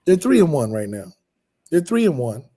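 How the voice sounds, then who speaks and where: A man's voice: fairly high pitch, very animated, moderate pace, warm tone, husky. A man co-hosting a sports podcast, bantering in a laid-back, defensive way. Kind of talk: casual sports debate.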